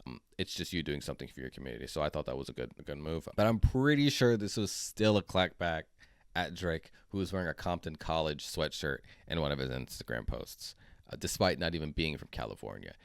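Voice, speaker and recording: A man's voice: very deep voice, expressive, a little fast, gravelly, clear, resonant tone, no room sound, clean studio sound. A man hosting a commentary video, talking bluntly and sarcastically. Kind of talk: opinionated commentary.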